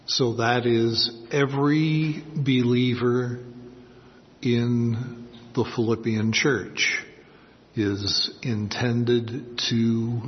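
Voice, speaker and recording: A man teaching through a Bible passage verse by verse, slowly explaining words and stressing the key ones. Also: medium pitch. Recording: dull sound with long hall reverb.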